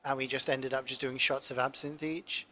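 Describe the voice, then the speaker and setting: Guy, twenties, cooking streamer; bright, forward tone, loose rambling anecdotes full of ums and swearing. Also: medium pitch, little pitch movement, normal speed. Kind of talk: casual chat while cooking.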